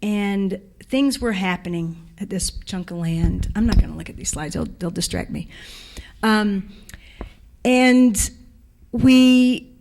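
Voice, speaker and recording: A woman giving a guest lecture in a lecture hall, talking fast and energetically, correcting herself and chatting with the audience. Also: medium pitch. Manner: energetic, rushed, self-correcting, speaks to audience. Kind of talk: public art lecture.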